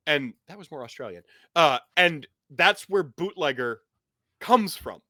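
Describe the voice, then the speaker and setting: A man's voice: mid-range voice, normal speed, pushed and bright, dry recording, studio quality. A man as game master, chatting in a rambling way with many fillers, then narrating a scene. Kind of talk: casual chat and game narration.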